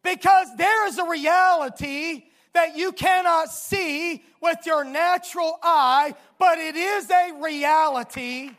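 A preacher delivering a sermon, telling a story dramatically and bursting into emphatic shouts. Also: very high voice, takes it slowly, hardly any pauses.

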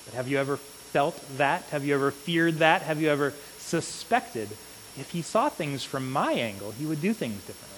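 A man preaching a sermon in an earnest manner, often checking in with the congregation with a quick "right?". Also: a little high, expressive, a bit bright. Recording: long reverb with faint hiss.

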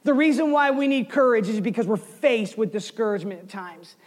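A man in his forties preaching a sermon, telling a story with swings between loud bursts and hushed asides. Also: high-pitched, a little fast, in a large hall. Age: 40s. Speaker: pastor.

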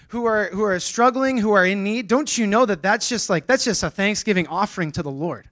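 A man's voice: high-pitched, a bit bright. Casual, talkative male pastor preaching. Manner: conversational, self-deprecating, with restarts and quick asides. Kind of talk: sermon.

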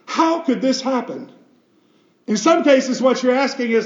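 A man's voice: very high voice, animated, a little slow, roomy sound, muffled recording. A man, a pastor, preaching a sermon with emphatic delivery and rhetorical questions.

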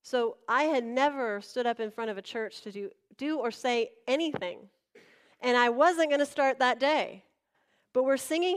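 Woman preacher telling a lively story. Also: sits high, moderate pace, clean tone. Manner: animated storytelling, acts out dialogue. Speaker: pastor. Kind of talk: sermon with personal story. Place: church before a congregation.

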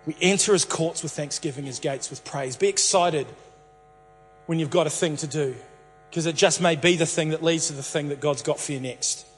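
A man's voice: a little high, normal speed, in a large hall, soft background music. A man preaching a sermon as a pastor, telling a Bible story playfully and returning to the same catchphrases again and again.

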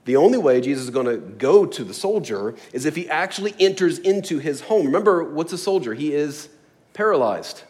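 Male pastor mid-sermon, animated delivery with a lot of pitch swing, plays out little scenes. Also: fairly quick. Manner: animated storytelling with acted asides.

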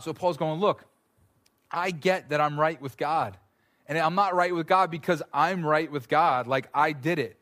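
A man in his thirties preaching a sermon, telling stories in an animated way and repeating words as he builds a point. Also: on the high side, a little slow. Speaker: pastor.

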